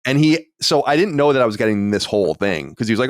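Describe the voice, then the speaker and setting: A man's voice: medium pitch, sing-song, very fast, no room sound, clean studio sound. A man in his late thirties or forties hosting a podcast, chatting in a casual, self-deprecating way. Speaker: podcast host. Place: home studio.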